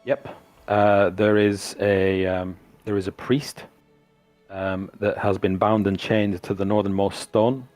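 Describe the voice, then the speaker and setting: A man narrates as game master of a tabletop game, his voice sitting on the low side. He paints the scene slowly and stops often on fillers. The sound is dry and close, with faint music playing behind. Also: little pitch movement, darkish tone, no echo. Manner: descriptive, halting with many fillers.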